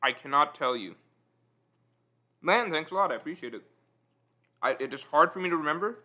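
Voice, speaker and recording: A man's voice: a little high, fairly quick. A man hosting a livestream, chatting casually and self-deprecatingly with his viewers while eating. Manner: relaxed, self-deprecating, reads out chat comments. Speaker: livestream host. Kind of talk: casual chat with live viewers.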